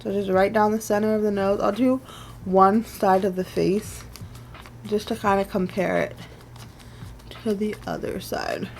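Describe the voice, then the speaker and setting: A woman's voice: mid-range voice, fairly even intonation, a little slow, long pauses, darkish tone, soft background music. A woman in her twenties chatting casually through a makeup wear test as a beauty vlogger, rambling with lots of "like"s and little laughs. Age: 20s.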